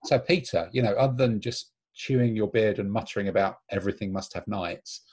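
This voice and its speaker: A man's voice: fairly low pitch, a little fast, darkish tone, breathy edge. A man from England hosting a casual chat with friends, rambling and teasing between topics. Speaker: podcast host. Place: home, remote call.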